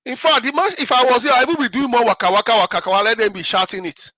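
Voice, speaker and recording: A man's voice: extremely high pitch, fairly even intonation, quick pace, pushed and bright, no room sound. A middle-aged Nigerian man with a Nigerian accent, giving impassioned political commentary as a panel guest, repeating phrases and firing rhetorical questions.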